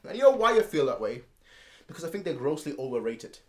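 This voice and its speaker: A man's voice: fairly high pitch, big pitch swings, fast. A man hosting a football fan channel, giving a casual match preview in an emphatic, slangy, repetitive way.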